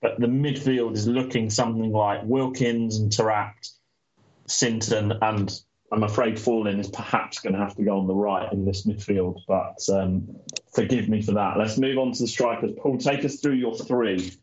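A man hosting a casual football chat, briskly moving the discussion along. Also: lowish voice, fairly even intonation, a little mellow. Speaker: podcast host. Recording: dull lo-fi call audio with clear background noise.

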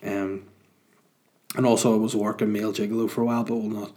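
A man hosting a podcast on his own, talking in a loose, rambling, jokey way with plenty of swearing. His voice sits fairly low. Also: flat delivery, fast, mellow. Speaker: podcast host and stand-up comedian. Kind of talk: casual solo podcast chat.

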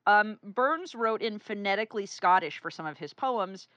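A woman's voice: medium pitch, lively intonation, normal speed, a bit bright, dry recording, dull audio. A woman chatting on a podcast, blunt and opinionated, swearing casually. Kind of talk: casual chat.

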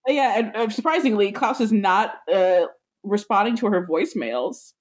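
A woman's voice: medium pitch, animated, normal speed. A woman co-hosting a podcast in casual chat, joking expressively and laughing often. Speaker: podcast co-host.

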